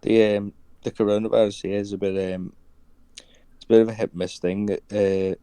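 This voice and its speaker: A man's voice: on the low side, flat delivery, normal speed, dark tone, clear, resonant tone, no room sound. A man chatting casually as a podcast guest, hesitant, with many ums and restarts. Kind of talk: casual chat.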